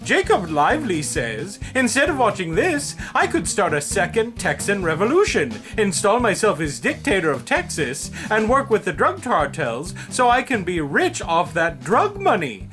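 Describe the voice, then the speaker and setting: A man voices a chipper host of a comedy outro segment. His pitch bounces widely as he reads out viewer suggestions with mock earnestness, and music plays clearly behind him. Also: huge pitch swings, moderate pace, hardly any pauses. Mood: jaunty.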